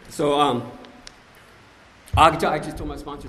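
A man's voice: fairly high pitch, lively intonation, brisk, fairly bright tone. A man giving a conversational, emphatic personal testimony at a recovery meeting, often asking "right?". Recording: echoey hall, faint ambience.

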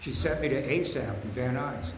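Rambling older man sharing in an echoey hall. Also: moderate pace. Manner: rambling, repeats phrases, blunt streetwise talk; bursts louder and higher on punchlines. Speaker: speaker at a recovery meeting. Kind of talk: personal recovery share. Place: meeting hall. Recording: echoey hall with room hum.

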